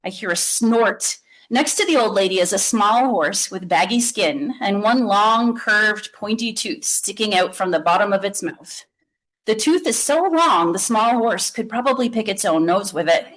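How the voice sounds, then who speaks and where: A woman reading a children's book aloud to an audience, with lively, expressive storytelling. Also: medium pitch, normal speed, low-quality recording. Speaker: author reading.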